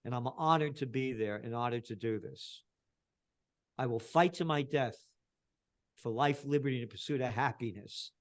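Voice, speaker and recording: An older man, an interview guest talking in an impassioned, ranting way that swings from low talk to shouting. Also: moderate pace. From the Bronx, New York. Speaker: interview guest, trend forecaster.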